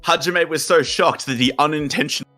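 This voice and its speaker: A man's voice: on the high side, quick pace, sharp tone, faint music behind. A young Australian man co-hosting a podcast, ranting and explaining at length, with plenty of swearing. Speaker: podcast co-host. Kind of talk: casual chat.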